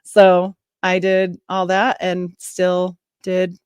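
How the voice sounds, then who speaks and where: A woman's voice: lowish voice, extremely slow, clear, resonant tone, no room sound, clean studio sound. A woman in her forties, a nurse and podcaster, telling stories in a casual interview and acting out what other people said. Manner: lively storyteller, acts out what others said. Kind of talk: casual storytelling chat.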